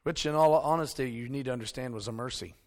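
A male preacher, delivering a sermon that swings from hushed storytelling to emphatic shouting. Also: medium pitch, fast talker.

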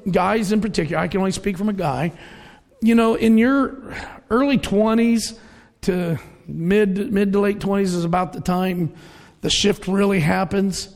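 A man's voice: high-pitched, vocal fry. A middle-aged man preaching a conversational sermon, telling everyday stories and acting out the voices in them. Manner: conversational, storytelling, acts out quoted voices. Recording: reverberant hall.

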